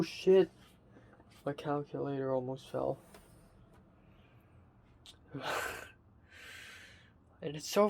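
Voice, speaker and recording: A man's voice: medium pitch, darkish tone. Drowsy young man rambling at home. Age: young adult. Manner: rambling, halting, with frequent fillers and swearing. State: sleepy and tired. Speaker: college student vlogger. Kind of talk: casual video diary. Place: his bedroom at home. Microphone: self-filmed camera.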